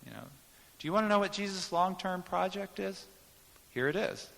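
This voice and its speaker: A man's voice: sits high, expressive, normal speed, gravelly, fairly bright tone, long reverb tail. A man preaching a sermon, teaching in an emphatic way and explaining Greek words to the congregation. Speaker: pastor.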